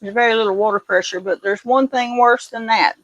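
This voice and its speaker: A homesteading vlogger, a middle-aged woman whose Midwestern accent slips into Kentucky country twang, washes dishes in her home kitchen while telling rambling, folksy stories. Her high-leaning voice is steady and fairly quick, captured in a dry, lo-fi recording.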